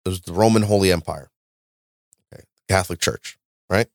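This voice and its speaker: A man hosting a podcast, ranting and lecturing in a loud, profane, animated way. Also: sits low, fairly quick, dry recording, studio quality. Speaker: podcast host. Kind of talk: casual podcast chat.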